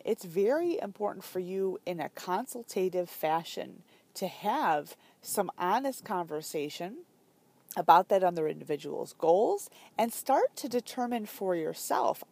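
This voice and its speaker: A woman's voice: mid-range voice, a little mellow, no room sound. A woman talking as a fitness business coach in a casual, chatty way, full of fillers and emphatic asides.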